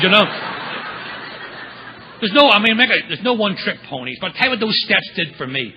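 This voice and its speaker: Bright, animated New man telling his story. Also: sits high, a little fast, pauses often, slight background noise, low-quality recording. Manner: animated storyteller acting out quotes. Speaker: AA speaker. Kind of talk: recovery meeting talk, storytelling with humor.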